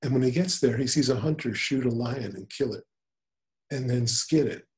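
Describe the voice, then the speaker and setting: Gentle older man telling stories. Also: medium pitch. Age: 70s. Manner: gentle, unhurried storytelling with soft laughs. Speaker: spiritual teacher. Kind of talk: spiritual conversation.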